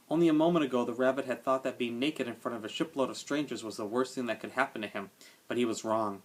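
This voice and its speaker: A male teacher reading a children's novel aloud to his class with expressive storytelling. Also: mid-range voice, quick pace. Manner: expressive storytelling, casual aside at end.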